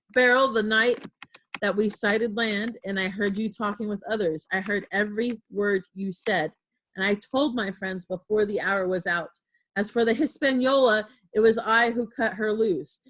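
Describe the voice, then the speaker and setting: Brief: a woman reading a bold teenage ship's boy from a storybook, earnest and steady. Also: mid-range voice, no echo, poor audio. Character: jim, defiant teenage boy cabin hand.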